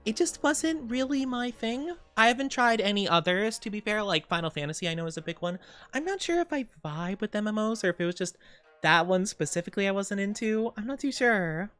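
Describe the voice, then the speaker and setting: Bubbly, lively-voiced young man streamer. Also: high-pitched, a little fast. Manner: bubbly, rambling, giggly, reads chat aloud. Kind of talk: casual live-stream chat.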